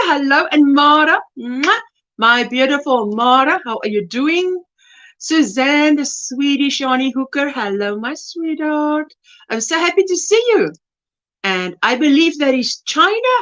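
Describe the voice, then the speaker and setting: Host, woman from South Africa: high, animated voice, chatty and affectionate livestream chat, slightly muffled home audio. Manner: chatty and affectionate, greets viewers by name. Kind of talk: casual livestream chat, greeting viewers. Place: at home, indoors.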